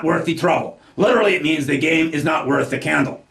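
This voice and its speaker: A man narrating a scripted language lesson, reading example sentences slowly and with care. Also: on the high side, gravelly, a bit bright, echoey room. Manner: slow deliberate enunciation of example sentences. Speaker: language teacher.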